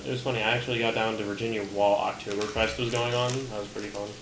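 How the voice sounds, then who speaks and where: A man's voice: on the low side, little pitch movement, rapid-fire. A man co-hosting a casual podcast, telling stories with dry, wry humor. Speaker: podcast co-host. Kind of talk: casual chat. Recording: roomy echo, faint room noise.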